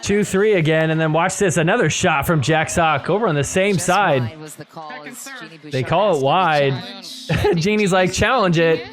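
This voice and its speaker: A man hosting a podcast, recapping match highlights in casual play-by-play style, chuckling often and doing quick voices for the players. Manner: impersonates players in quick asides. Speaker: podcast host.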